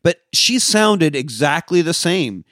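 A man's voice: on the high side, very animated, slow pace, a bit bright, no echo, clean studio sound. A man hosting a casual movie-review podcast, talking loosely and swearing and laughing often. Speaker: podcast co-host.

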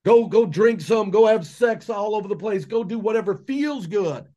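This man speaks in a notably high register for a male voice. He delivers a fervent, preachy monologue as a podcast guest, piling up rhetorical questions to drive his point home. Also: expressive, normal speed, warm tone, dull audio. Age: adult with children. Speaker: podcast guest, entrepreneur and mentor. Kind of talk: impassioned conversational monologue.

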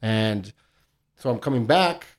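A man's voice: fairly low pitch, a little slow. A man telling a story in casual podcast chat, swearing freely and acting out what people said. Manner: animated, swears a lot, acts out quotes.

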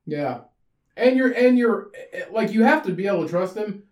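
A man's voice: high voice, moderate pace, reverberant. A man co-hosting a podcast, chatting casually and joking, often restarting his sentences. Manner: joking, animated, restarts a lot. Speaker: podcast co-host. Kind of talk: casual chat.

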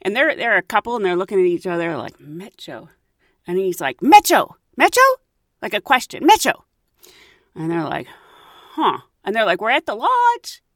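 A woman's voice: medium pitch, sing-song, a little fast, fairly bright tone, no echo, studio quality. A woman casually telling a travel story, acting out the voices of the people in it and laughing often.

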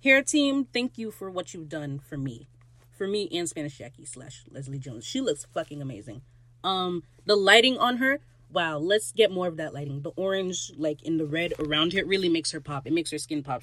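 A podcast host recapping an episode in a casual solo rant, excitable and gushing, swearing freely and swinging between loud squeals and low asides. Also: fairly quick, dry recording.

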